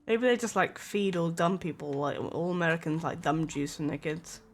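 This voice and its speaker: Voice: mid-range voice, moderate pace. A streamer chatting casually and rambling, with lots of filler words and small laughs.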